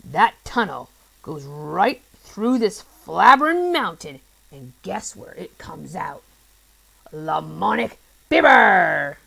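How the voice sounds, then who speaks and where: A man's voice: sits high, big pitch swings, slow, gravelly, bright, forceful tone, breathy edge, exaggerated voice, low-quality recording. A woman voicing a nasty, grumpy old man villain from a children's storybook, who talks in a boastful, bossy, ungrammatical way. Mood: gloating.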